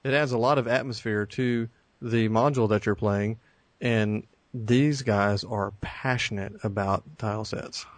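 A man's voice: lowish voice, steady tone, a little slow, dry recording. A man co-hosting a gaming podcast in casual chat, enthusiastic and easygoing. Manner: enthusiastic, easygoing, says cool a lot. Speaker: podcast co-host.

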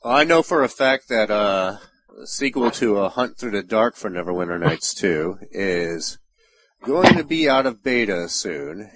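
A man with a fairly low voice chatting on a gaming podcast. He is wry and self-mocking and spins out jokey ideas. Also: expressive, a little slow, fairly bright tone, no echo, low-quality recording. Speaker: podcast guest, voice actor. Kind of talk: casual chat.

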